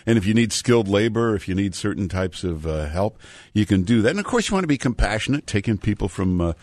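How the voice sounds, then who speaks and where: A man's voice: fairly low pitch, lively intonation, fast talker, darkish tone, no room sound. A male radio talk show host taking calls, blunt and opinionated, wandering into asides. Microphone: studio microphone.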